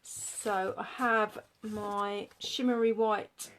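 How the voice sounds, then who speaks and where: Slow, chatty woman crafting live. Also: mid-range voice, little pitch movement. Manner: chatty, thinks aloud while working; greets viewers by name. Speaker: papercraft demonstrator. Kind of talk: live-streamed craft tutorial.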